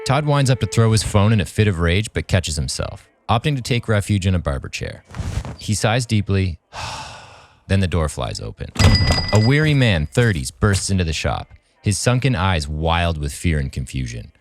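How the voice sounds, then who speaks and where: A man co-hosting a podcast, reading a horror script aloud in an even narrating voice. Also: deep voice, normal speed, noisy background. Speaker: podcast co-host and script reader.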